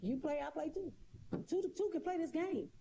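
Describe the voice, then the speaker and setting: A woman's voice: high voice, animated, normal speed, vocal fry, background noise. A woman talking straight to her viewers in a casual monologue, sassy and emphatic, repeating her points. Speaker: live streamer.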